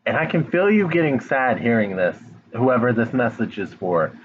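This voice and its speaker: A man's voice: mid-range voice, sing-song, moderate pace, narrow, tinny audio, slight background noise. A man giving a casual tarot reading straight to the viewer, blunt and frank, swearing now and then. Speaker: tarot reader. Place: home, dog nearby.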